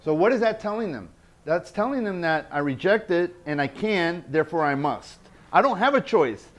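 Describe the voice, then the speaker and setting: A man's voice: sits high, animated, moderate pace. A man presenting a workshop indoors, earnest, repeating key phrases and checking in with the group. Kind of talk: teaching a workshop. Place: indoor event space.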